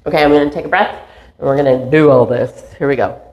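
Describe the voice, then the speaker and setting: A woman's voice: low voice, fast. A woman giving a reflective spiritual monologue, earnest and meandering, laughing at herself now and then. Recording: roomy echo, slightly dull sound.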